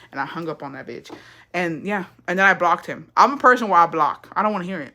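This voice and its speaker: A young woman with a bright, forward voice tells a story in casual, blunt chat. She swears freely and mixes in Spanish phrases. She acts out both sides of an argument as she talks. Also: on the low side, lively intonation, quick pace.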